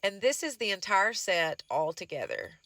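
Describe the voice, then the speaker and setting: A woman's voice: medium pitch, very animated, normal speed, a bit bright, dry recording. A woman with a Southern US accent and a stuffy nose from hay fever, chatting casually as she walks through a craft project. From Southern United States. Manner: chatty, rambling, says y'all and honey. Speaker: DIY crafts vlogger. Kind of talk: casual how-to narration.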